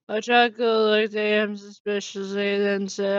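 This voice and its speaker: Monotone fan-story reader. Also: mid-range voice, clear, resonant tone, dry recording. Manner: halting, monotone reading with slips. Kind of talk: casual reading of a fan story. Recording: dull lo-fi recording.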